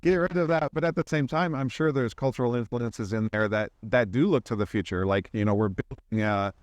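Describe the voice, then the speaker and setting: A man from Minnesota talks in a low-pitched voice, recorded close and dry. He rambles, restarts his sentences and laughs easily in a relaxed podcast conversation. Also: a little fast, dry recording. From Minnesota, USA. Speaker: podcast guest.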